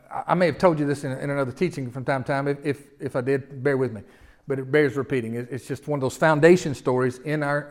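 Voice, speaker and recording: A man preaching with a slightly high voice, talking to his listeners as if chatting with friends. He tells stories and asks rhetorical questions, and he often stumbles and restarts mid-phrase. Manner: conversational, animated preaching with rhetorical questions and storytelling; frequent restarts and repeated words. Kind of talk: sermon.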